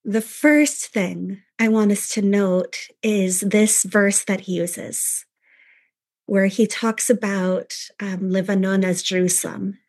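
A woman's voice: mid-range voice, fairly even intonation, slow, darkish tone. A woman teaching a text study, reading quoted lines aloud and then explaining them with frequent "right?" asides.

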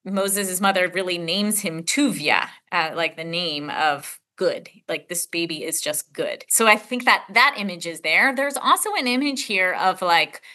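Middle-aged woman teacher leading a text class; bright, conversational, lots of fillers. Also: on the low side, animated, unhurried, few pauses. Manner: conversational, thinking aloud, many filler "like"s.

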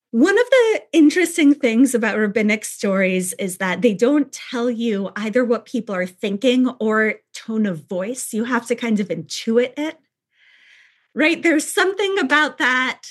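A woman leads a text study lesson in a fairly high voice. She reads quoted passages aloud, then turns back to explain them, tagging her points with a questioning "right?". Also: lively intonation, unhurried. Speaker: teacher.

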